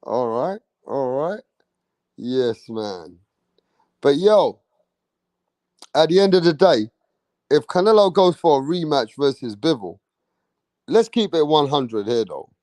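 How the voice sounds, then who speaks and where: A man's voice: fairly high pitch, animated, slow pace, long pauses, no room sound. A young man hosting a livestream, chatting brashly with lots of swearing and as he reads out viewer comments. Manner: brash, swearing, slangy, loud hype bursts. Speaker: livestream host. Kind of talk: casual livestream chat reading viewer comments.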